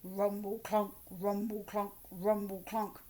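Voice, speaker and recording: A woman reading a picture book aloud to children, expressive, with asides to her young listeners. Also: mid-range voice. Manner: slow, expressive read-aloud with asides to kids. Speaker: children's story reader.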